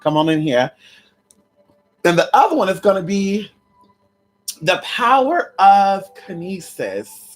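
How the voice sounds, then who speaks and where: A woman's voice: medium pitch, big pitch swings, slow, pauses often, soft background music. A woman hosting a casual livestream on conjure, sassy and chatty, calling her viewers honey and girl. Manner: breaks into loud laughs and exclamations. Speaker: livestream host teaching conjure.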